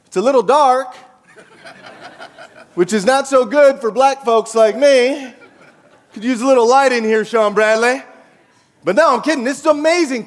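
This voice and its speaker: A man giving an energetic conference keynote, telling a story and joking with the crowd through questions. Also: very high-pitched. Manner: animated, jokey, engages the crowd with questions. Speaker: keynote speaker. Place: large dim conference hall. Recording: long hall reverb.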